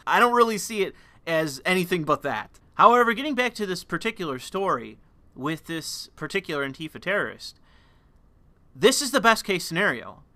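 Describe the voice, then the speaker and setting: A man's voice: on the high side, bright, forceful tone, no echo. A man hosting a political commentary show, talking in a heated, profane, rambling way with many fillers. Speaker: commentary channel host.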